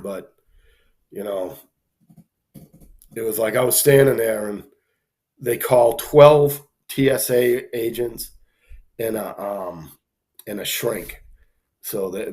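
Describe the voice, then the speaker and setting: On a live stream, a man with a lowish voice tells an anecdote slowly, leaving long pauses. He's casual and animated, acting out the people he quotes and using lots of fillers.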